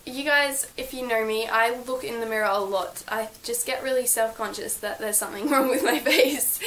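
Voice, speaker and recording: A woman's voice: fairly high pitch, fairly bright tone, slight background noise, low-quality recording. A young woman vlogging from her bedroom, gushing and chatty with lots of fillers as she shows her birthday gifts. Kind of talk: casual birthday haul vlog.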